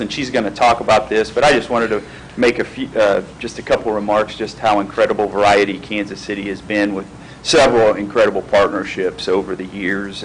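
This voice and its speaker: A man with a fairly low voice introduces a guest at a school board meeting. He speaks haltingly, with many fillers and restarts. Faint room noise hums underneath. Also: rough recording.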